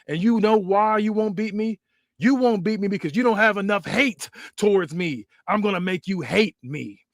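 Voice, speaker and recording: A man's voice: high-pitched, moderate pace, no echo, voice pushed up. A cruel, cocky wrestler, as a man puts him on, sneers his taunts in a raised, mocking voice. The delivery is smug and menacing, with a dry, close sound. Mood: taunting. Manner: mocking, smug trash talk.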